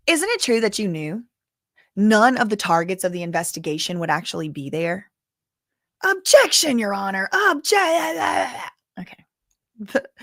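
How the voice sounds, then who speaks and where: A woman with a lowish voice gives casual live-stream commentary, reading news updates aloud with chatty asides. She sounds tired and yawns. The sound is studio quality with no echo.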